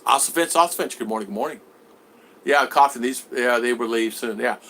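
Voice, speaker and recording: Bright-voiced man chatting on a livestream. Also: medium pitch, brisk. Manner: reads viewer comments aloud and answers them; rambling with many restarts and repeated words. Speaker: vlogger reading live chat. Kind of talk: casual livestream chat.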